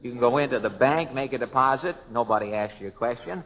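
A man's voice: mid-range voice, fast talker. A man hosting a live radio variety show, introducing guests with wry, joking banter, heard on a dull old broadcast recording. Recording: dull old radio broadcast with faint hiss and long reverb.

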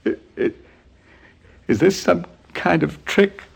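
An actor playing a paranoid, bitter older man who rants and stammers, lurching between loud outbursts and hushed mutters, in a radio drama. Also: high voice, animated, slow, creaky, slightly rough, full character voice. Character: bitter paranoid old man, armed, hoarding.

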